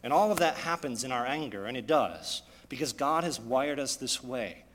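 A man's voice: mid-range voice, lively intonation, normal speed, fairly bright tone. A man in his thirties preaching a sermon, driving his points home with frequent rhetorical questions. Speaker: pastor. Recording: long hall reverb.

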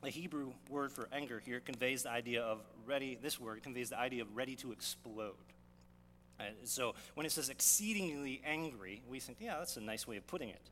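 A man's voice: medium pitch, brisk, a bit bright. A male pastor preaching a sermon, teaching verse by verse with rhetorical questions and frequent restarts. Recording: long reverb of a hall, faint hum.

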